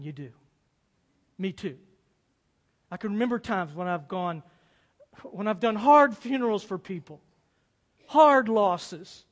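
A man preaching a sermon as pastor, earnest, swinging from loud pleas to hushed, quiet passages. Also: high-pitched. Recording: long hall reverb.

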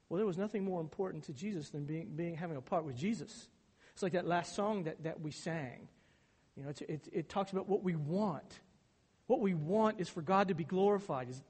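A man's voice: a little high, brisk, a little mellow, breathy edge. A male pastor preaching a sermon, his delivery turning emphatic and intense on key points. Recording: hall reverb.

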